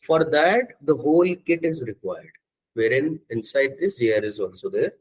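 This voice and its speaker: A man teaching a software testing course, walking students step by step through setting up Java and often checking in with "okay" and "right". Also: mid-range voice, animated, moderate pace, low-quality recording. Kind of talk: screen-share coding tutorial.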